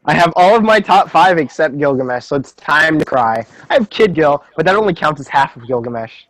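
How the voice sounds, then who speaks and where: A young man hosts a casual call with friends, his voice a little high for a man. He rambles in a joking, sarcastic way. The sound is dry and close. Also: expressive, brisk, fairly bright tone, no room sound, poor audio. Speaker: podcast host. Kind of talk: casual group chat over a voice call.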